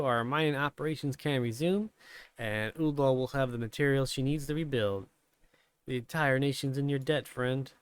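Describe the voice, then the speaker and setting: A man voicing a grateful male mine official in a plain, even reading. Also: medium pitch, clear, resonant tone, dry recording, close to an everyday voice.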